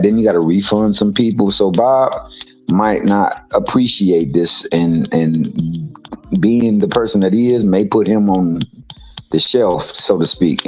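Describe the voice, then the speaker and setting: Man, low voice, emphatic casual sports talk, faint music under it. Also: unhurried, low-quality recording. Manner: emphatic, repeats words. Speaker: co-host. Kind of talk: casual boxing chat.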